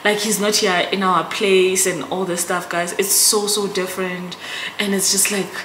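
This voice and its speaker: A young South African woman speaks casually to camera in her vlog, emotional and talkative, regularly addressing viewers. She has a mid-range, fairly bright voice, level in tone at normal speed, in an echoey room with background noise.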